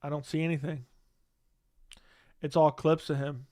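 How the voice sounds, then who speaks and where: A man's voice: fairly high pitch, little pitch movement, normal speed, dark tone. A man hosting a casual livestream, talking to chat and ranting with lots of swearing. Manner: profane, indignant ranting. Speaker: livestream host.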